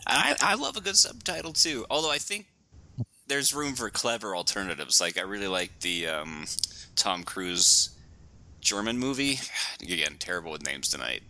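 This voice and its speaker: A man's voice: on the low side, lively intonation, moderate pace, sharp tone, low-quality recording. A man co-hosting a casual movie podcast, joking in a wry, sarcastic way. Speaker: podcast co-host.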